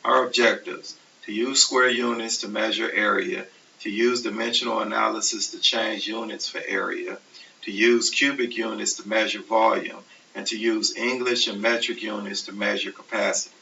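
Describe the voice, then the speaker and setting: A man teaching a recorded math lecture, explaining steps slowly and methodically. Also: on the low side, gravelly. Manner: steady, methodical explaining, self-correcting. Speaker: math instructor. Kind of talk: recorded lecture over slides. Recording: distant, dull, hissy classroom recording.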